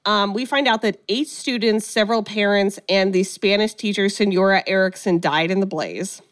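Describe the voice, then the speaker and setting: A woman co-hosting a podcast, casually recapping a film and acting out the quotes with lively energy. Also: medium pitch, moderate pace. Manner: animated storyteller, acts out quotes. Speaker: podcast co-host.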